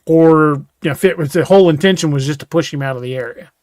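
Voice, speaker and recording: Guy rambling folksy stories on a podcast, bit high voice, dry close mic. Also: fast talker, darkish tone, no echo. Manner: folksy storyteller, stammers on restarts. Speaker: podcast co-host. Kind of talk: casual chat.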